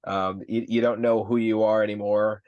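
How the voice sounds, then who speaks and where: A low-voiced man hosts a podcast with easy, upbeat chat. He encourages his guest and swears casually. The room sounds dry and close to the mic. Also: flat delivery, moderate pace, dry recording, highs cut off. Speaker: podcast host.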